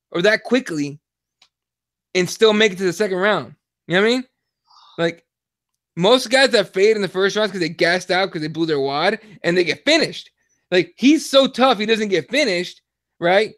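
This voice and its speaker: Brief: young man, high pitched, animated and foul-mouthed podcast co-host, dry close sound. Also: no echo. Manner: profane, animated storytelling. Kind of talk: casual chat.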